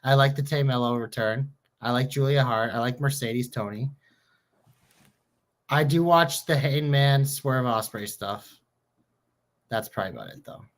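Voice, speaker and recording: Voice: medium pitch, normal speed, pauses often. A podcast co-host in casual chat, blunt and profane, given to rants.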